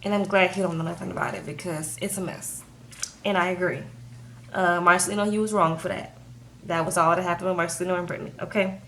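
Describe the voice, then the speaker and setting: A woman's voice: on the low side, steady tone, fast, a bit bright, slight background noise. A young woman casually recapping a reality TV episode, chatting loosely and often asking "okay?". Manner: chatty, frequent "okay?" and "like" fillers. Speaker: TV show reviewer.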